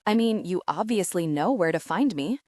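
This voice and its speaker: A woman's voice: lowish voice, animated, normal speed, darkish tone, no echo, natural voice. Woman reading a cheeky teen girl, teasing, bouncy voice, dry sound. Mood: sassy. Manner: sassy, teasing. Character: wry, cheeky teenage girl psychic. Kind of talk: audiobook character reading.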